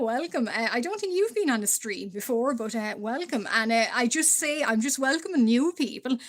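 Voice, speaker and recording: Stuffy Irish woman chatting on stream. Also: high voice. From Ireland. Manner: chatty, greets viewers, frequent fillers and laughs. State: stuffy from allergies, coughing. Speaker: live-stream artist. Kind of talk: casual live-stream chat while drawing.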